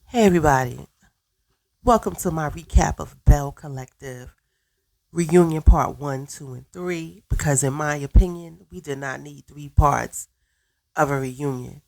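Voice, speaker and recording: A woman's voice: sits low, a little slow, creaky, darkish tone. A woman with a stuffy cold voice, giving a blunt, sassy recap of a reality show and tagging her points with "okay?". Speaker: recap vlogger. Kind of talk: casual opinionated recap.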